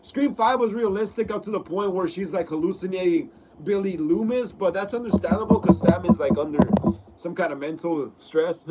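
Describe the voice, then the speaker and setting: A man's voice: high-pitched, normal speed, background noise. A man hosting a casual live stream who rambles, repeats words and reads chat messages aloud. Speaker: host.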